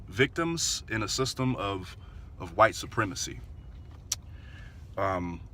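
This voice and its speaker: A man's voice: on the low side, expressive, takes it slowly, sharp tone, a little hiss or hum. A man talking earnestly to his viewers in casual commentary, repeating phrases and restarting often. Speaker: vlogger.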